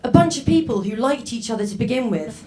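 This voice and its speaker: A woman's voice: fairly high pitch, lively intonation, quick pace, warm tone. Young woman comic, rambling, self-mocking stand-up delivery. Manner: chatty, self-mocking, with many fillers. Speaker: stand-up comedian. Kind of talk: stand-up set. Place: stage before a live audience.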